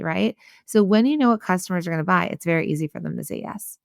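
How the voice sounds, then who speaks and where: Female podcast host, slightly low and gravelly, chatty coaching delivery, dry close sound. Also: fast talker, few pauses, dry recording. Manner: chatty, peppered with "like" and "right?"; acts out customer and waiter voices. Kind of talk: solo podcast coaching talk.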